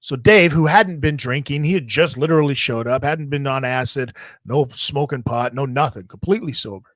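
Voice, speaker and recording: A man hosting a podcast, telling a long story in a rambling, profane, animated way. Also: medium pitch, normal speed, no echo. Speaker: podcast host. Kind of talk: casual storytelling.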